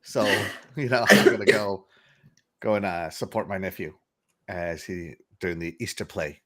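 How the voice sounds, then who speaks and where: A man's voice: sits low, normal speed, bright, forceful tone. A man hosting a casual livestream podcast, chatty and upbeat, laughing often as he greets viewers. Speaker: podcast host.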